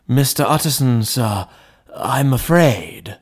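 A man voicing a frightened, anxious butler who speaks in a strained, pleading, hoarse way. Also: mid-range voice, lively intonation, takes it slowly. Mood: fearful. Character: frightened male butler, middle-aged, anxious and dogged.

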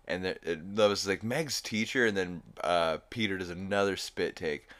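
A man's voice: low-pitched, moderate pace, a bit bright. A young adult man hosting a podcast, recapping an episode in a rambling, amused way full of fillers. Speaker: podcast host.

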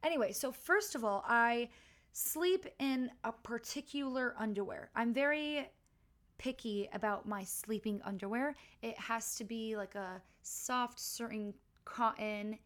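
A woman's voice: a little high, unhurried, a bit bright. A woman hosting her own podcast, telling a rambling, self-deprecating story in a chatty, casual way into a home mic. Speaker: podcast host. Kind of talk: casual story-time monologue. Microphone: home podcast mic with wire.

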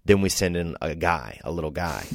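A man's voice: low-pitched, a little fast, vocal fry, no room sound, clean studio sound. A young man from Louisiana, a comedian guest, chatting casually and telling rambling stories, sometimes doing voices for the people in them. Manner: rambling, storytelling, animated voices for quoted people. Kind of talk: casual podcast chat.

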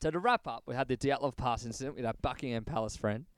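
A man co-hosting a podcast in casual, joking chat, animated and loose with swearing. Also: medium pitch, quick pace, clear, resonant tone, dry recording. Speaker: podcast co-host.

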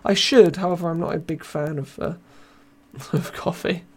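Tired young British man, slightly high voice. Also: steady tone, moderate pace. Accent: British English. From Britain. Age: young adult. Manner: rambling, self-mocking, reads chat aloud. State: tired, voice wearing thin. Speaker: podcast host. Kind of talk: casual live podcast chat.

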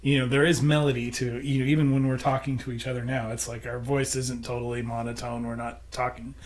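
A man's voice: mid-range voice, little pitch movement, fairly quick, a little hiss or hum. Man explaining songwriting, casual. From United States. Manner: explains with sung examples. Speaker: songwriter and producer. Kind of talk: casual conversation.

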